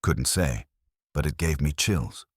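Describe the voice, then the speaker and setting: A man voicing a grizzled, anxious older male stage manager who speaks gruffly. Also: very deep voice, animated, measured pace, dry recording, studio quality, heavily acted. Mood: uneasy. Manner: gruff, plain-spoken.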